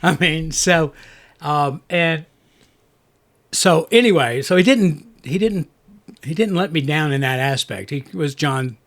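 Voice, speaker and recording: Gravelly man co-hosting a podcast. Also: fairly high pitch, expressive, measured pace, a bit bright. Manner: rambling, many restarts and fillers. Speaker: podcast co-host. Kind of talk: casual movie review chat.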